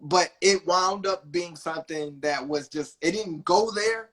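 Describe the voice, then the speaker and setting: Young guy on a podcast telling a story, bright voice, kinda high, real animated. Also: measured pace. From New Jersey. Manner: animated, acts out quotes with big pitch jumps. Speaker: podcast host. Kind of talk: casual storytelling.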